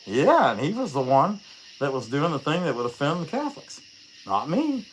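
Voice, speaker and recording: A man's voice: medium pitch, fairly quick, a little hiss or hum. A man chatting casually while hosting a carving livestream, rambling and joking with plenty of fillers. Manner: rambling, joking, many fillers, lively storytelling. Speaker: chainsaw carver and livestream host.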